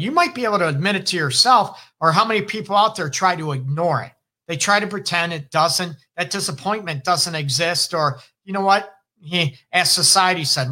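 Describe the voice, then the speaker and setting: Animated, bright-voiced male counselor. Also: high voice, normal speed. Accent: Detroit. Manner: animated and emphatic, with sudden loud exclamations. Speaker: relationship counselor and show host. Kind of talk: casual advice talk.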